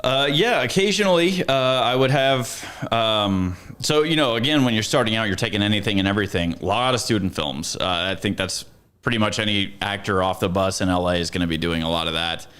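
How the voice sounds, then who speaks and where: Relaxed, chatty actor guest, male, voice sitting a bit low. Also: brisk, smooth. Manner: laid-back, chatty storyteller. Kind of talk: casual podcast conversation.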